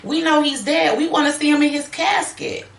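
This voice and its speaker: A woman's voice: high-pitched, normal speed, vocal fry, distant mic, voice pushed up. A woman voicing a gleeful, cruel little girl who taunts and giggles, within a spoken true-crime story. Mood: gleeful taunting. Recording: echoey room.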